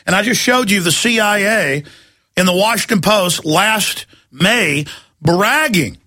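A man's voice: sits high, expressive, unhurried, pushed and bright, no echo. A man with a North Texas accent hosting a radio talk show, delivering an emphatic, scornful monologue with repeated words.

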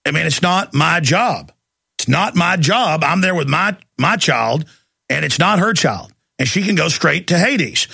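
A male talk show host with a deeply gravelly, bright, forceful voice, ranting with heated, repetitive emphasis. The sound is close and dry. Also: animated, measured pace, no room sound. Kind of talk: ranting political commentary.

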